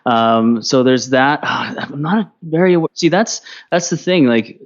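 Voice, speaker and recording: A Canadian man speaking as a podcast guest, relaxed and rambling with many restarts. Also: medium pitch, a little slow, dull audio. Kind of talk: casual interview.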